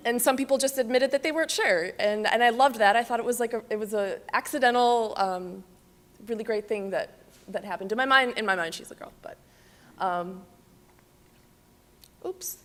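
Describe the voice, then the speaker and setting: A woman giving a halting, filler-filled casual presentation about her illustration work. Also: mid-range voice. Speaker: children's book illustrator. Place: library event hall. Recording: reverberant library hall.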